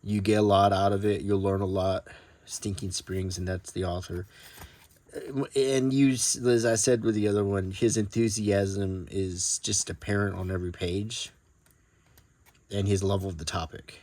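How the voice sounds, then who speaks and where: Man, lowish voice, relaxed and rambling collector, soft-spoken, casual home talk. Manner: soft-spoken, meandering, many ums and restarts; reads old newspaper text aloud in a measured tone. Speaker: book collector showing his collection. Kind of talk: casual, unscripted talk about his books.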